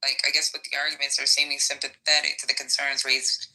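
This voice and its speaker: A man's voice: medium pitch, completely flat delivery, fast, creaky, sharp tone, poor audio. A man on a live panel, talking loosely and swearing, reading out news and then riffing on it. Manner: loose, profane, reads out news then riffs. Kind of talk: casual chat.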